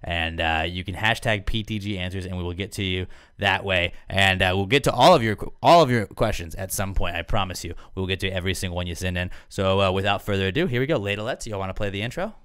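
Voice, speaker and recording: A man's voice: low-pitched, fast, fairly bright tone, smooth. A man hosting a podcast, reading listener questions and joking around in casual chat. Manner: joking, upbeat banter. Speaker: podcast host.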